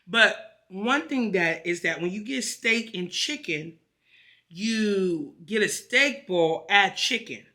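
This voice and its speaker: A woman vlogger telling a story in an animated, profane, emphatic rant. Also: medium pitch, slow pace. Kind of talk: casual ranting vlog.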